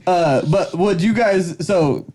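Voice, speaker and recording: A young man co-hosting a podcast, bantering loudly with friends, laughing and swearing. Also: high-pitched, slow pace. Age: young adult. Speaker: podcast co-host. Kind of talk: casual chat.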